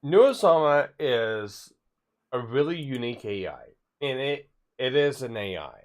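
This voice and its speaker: A man's voice: medium pitch, big pitch swings, measured pace. A man streaming live, chatting casually and rambling with frequent stammered restarts and the odd swear. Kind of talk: casual livestream chat.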